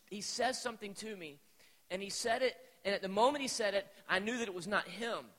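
A man in his forties telling a personal story as a sermon to a live youth audience, animated and talking straight to the crowd. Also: high-pitched. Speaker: preacher at a youth event. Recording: echoey hall.

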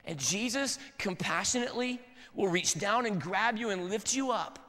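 Casting: casual young preacher, high bright voice, long reverb. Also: male voice, moderate pace. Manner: casual, conversational, earnest. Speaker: pastor. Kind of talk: sermon.

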